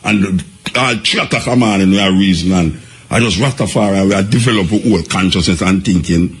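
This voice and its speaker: Gravelly older Jamaican man storytelling. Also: sits low, brisk, slight background noise. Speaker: guest telling his life story. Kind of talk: casual storytelling in patois.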